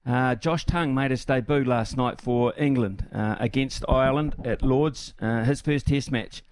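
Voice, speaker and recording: A man's voice: medium pitch, moderate pace, slight background noise. A man hosting a sports radio show, talking casually and rambling with many fillers.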